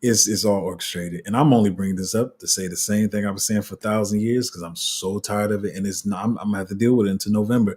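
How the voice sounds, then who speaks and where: Chatty low-voiced host with a husky edge. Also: male voice, quick pace, few pauses. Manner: chatty, animated, acts out quotes, trails off and restarts. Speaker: crypto channel host. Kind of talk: casual commentary to viewers.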